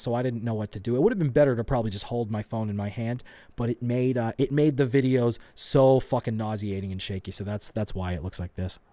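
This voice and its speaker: A man's voice: mid-range voice, a little mellow, no room sound. A man hosting a live stream, rambling and swearing as he mocks his own old videos. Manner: profane, self-mocking, rambling. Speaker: host. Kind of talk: live reaction commentary.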